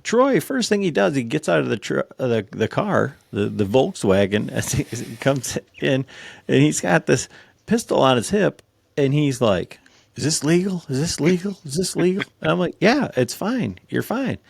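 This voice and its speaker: Gravelly man retelling camp stories. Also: medium pitch, normal speed, no echo. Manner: animated, laughing retelling with many fillers. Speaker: podcast host. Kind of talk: casual storytelling chat.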